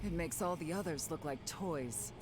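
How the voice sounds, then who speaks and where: A woman voicing an earnest, determined young female warrior companion in a video game, speaking in a measured way. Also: deep voice, close to an everyday voice, rough recording. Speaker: game character. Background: game music.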